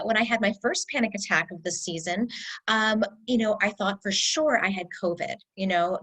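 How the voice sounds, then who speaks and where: A woman herbalist speaking in a casual talking-head video, telling a personal story in a chatty, halting way with many fillers and restarts. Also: mid-range voice, fairly bright tone, low-quality recording. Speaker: herbalist teacher.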